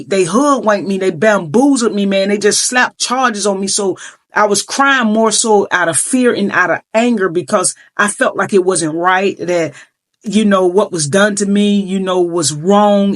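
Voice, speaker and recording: Middle-aged woman telling her life story, earnest and emotional, lots of filler talk. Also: medium pitch. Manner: earnest, emotional, heavy use of filler phrases. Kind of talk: personal storytelling.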